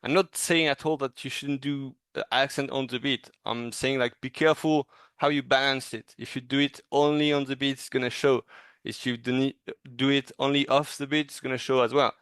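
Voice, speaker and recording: A man giving a casual, encouraging animation critique in a thoughtful, halting way. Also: mid-range voice, fairly even intonation, fairly bright tone, clear, resonant tone, no room sound. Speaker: animation reviewer.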